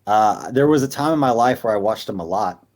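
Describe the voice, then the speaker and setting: Chatty low-voiced podcast co-host man. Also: lively intonation, brisk, a little mellow. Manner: chatty, rambling with frequent "like" fillers. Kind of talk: casual sports podcast chat.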